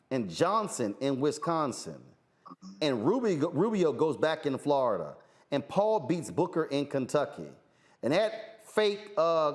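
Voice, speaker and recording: High-voiced fiery male talk show host. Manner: emphatic, repeats phrases for force. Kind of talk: fiery political commentary.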